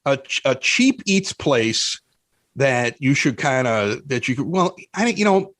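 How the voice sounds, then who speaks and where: A man with a Chicago accent, a podcast guest telling animated, self-mocking stories in casual chat, often restarting his sentences. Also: mid-range voice, a little slow, no echo.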